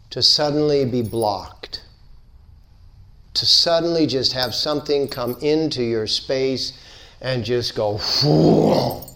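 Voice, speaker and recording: A man giving a spiritual lecture, unhurried and playful, repeating words in rhythmic build-ups. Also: medium pitch, pushed and bright. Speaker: spiritual teacher.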